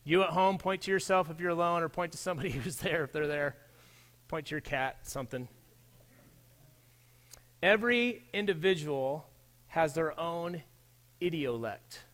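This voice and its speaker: A man's voice: on the high side, moderate pace, pauses often, a bit bright. A man preaching a sermon in a church, talking in a conversational way and addressing his listeners directly. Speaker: pastor.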